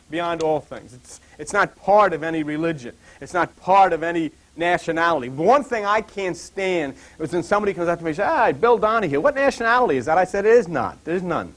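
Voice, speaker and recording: An older man giving a rambling Bible talk and drifting into funny personal stories in an animated, digressive way. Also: a little high. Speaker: Bible teacher.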